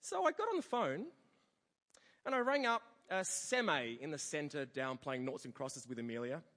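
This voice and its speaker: A man's voice: a little high, normal speed. A man preaching a sermon, telling a story and acting out the people in it. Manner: storytelling with animated quoted voices. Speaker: pastor. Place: church hall. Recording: long church hall reverb.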